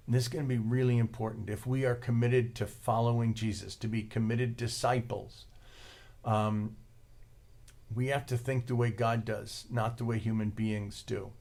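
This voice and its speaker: A man, a pastor, giving a relaxed, conversational homily with a joking, plain-spoken manner. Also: medium pitch, moderate pace, creaky. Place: church.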